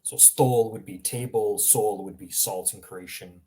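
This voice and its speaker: Relaxed man teaching pronunciation. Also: on the low side, unhurried. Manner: relaxed, chatty, laughs often, reacts to viewer examples. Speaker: language teacher. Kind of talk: casual live language lesson.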